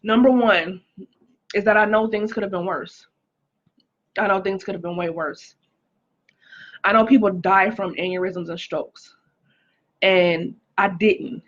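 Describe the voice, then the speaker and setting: A woman with a mid-range voice talks a little slowly and pauses often as she shares a personal testimony on a livestream. It's a casual chat where she greets viewers by name and says "like" and "um" a lot, recorded with lo-fi sound.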